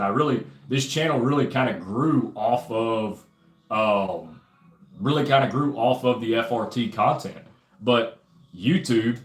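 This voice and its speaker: Man, young adult, livestream host, casual and profane, sharp tone, roomy echo. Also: medium pitch. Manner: rambling, profane, lots of fillers, reads chat aloud.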